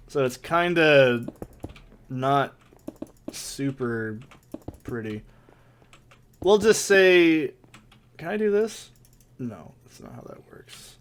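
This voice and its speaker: A man riffing over a let's play in a loose, rambling way, swearing freely and breaking into mock rants. His voice sits at an ordinary male pitch, close on a desk condenser mic in a soundproofed home corner. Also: fairly bright tone. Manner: rambling, profane, mock-ranting. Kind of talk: casual gameplay commentary. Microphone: desk condenser mic with pop filter.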